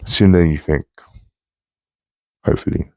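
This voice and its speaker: A young man, talking casually and low-key in a monotone to camera for his own vlog. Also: normal speed, no room sound, studio quality. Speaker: channel host. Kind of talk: casual solo vlog chat.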